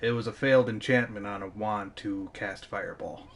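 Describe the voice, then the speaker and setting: A man with a fairly low, close-to-everyday voice and fairly even intonation speaks at normal speed, with slight background noise. He voices a hungry male companion who eats the dead, in a casual, plain way.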